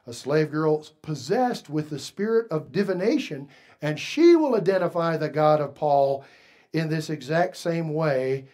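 A male pastor preaching a sermon slowly and emphatically, stretching out key words for weight. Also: on the high side, a little mellow.

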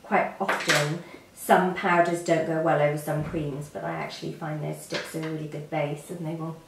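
A woman's voice: low voice, flat delivery, normal speed, gravelly, background noise. A woman with a British accent, the show's host, chatting and adding her own beauty tips. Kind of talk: casual chat. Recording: echoey room, mic a bit far.

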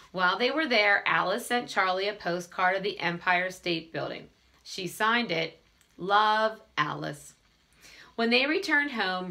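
Woman, bright clear voice, reading a children's chapter book aloud, steady pace, lightly voiced dialogue. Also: mid-range voice. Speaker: reader.

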